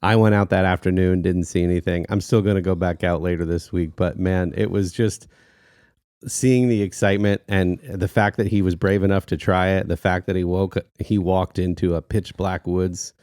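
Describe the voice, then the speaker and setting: A man in his thirties tells a story with a low, deep voice in casual podcast chat. He is animated and laughs often. The sound is dry and close. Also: normal speed, smooth, no echo. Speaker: podcast co-host.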